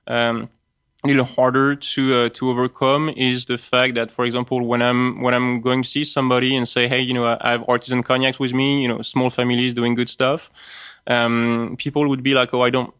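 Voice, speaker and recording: A man with a French accent, a spirits importer speaking as an interview guest, halting and full of restarts and fillers. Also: medium pitch, flat delivery, fairly bright tone, smooth, dry recording, clean studio sound. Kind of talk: conversational interview.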